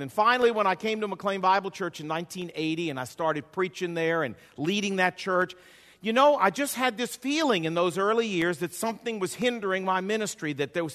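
A man's voice: sits high, fairly bright tone. A male pastor preaching a sermon with a folksy storytelling style and a repetitive cadence, in a church sanctuary. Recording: long hall reverb.

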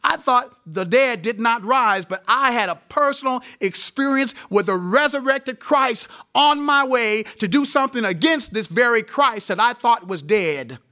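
High, bright-voiced impassioned male preacher. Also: lively intonation, a little slow, few pauses. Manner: impassioned, repetitive preaching with emphatic direct address. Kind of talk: sermon. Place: seminary gathering.

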